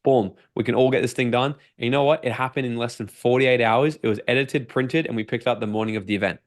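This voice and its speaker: A man with an Australian accent, a personal development coach talking as a podcast guest, energetic and swearing freely as he acts out his own inner voice. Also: mid-range voice, fast.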